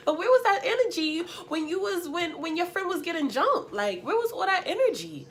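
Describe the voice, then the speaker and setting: A young woman vlogger, sniffly and unwell, telling a story in an animated, slangy, emphatic way. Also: sits high, brisk, few pauses, slight background noise. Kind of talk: story time.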